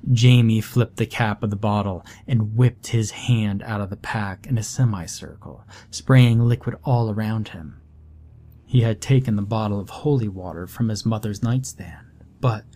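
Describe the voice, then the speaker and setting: Low dark-toned guy reading a creepy story, slow and measured. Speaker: narrator. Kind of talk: scripted horror story narration.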